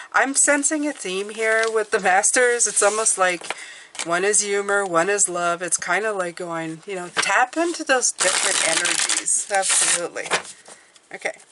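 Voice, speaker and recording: A woman's voice: mid-range voice, bright, forceful tone, slight background noise. A woman giving a casual, encouraging tarot and numerology reading, chatting and thinking aloud as she draws cards.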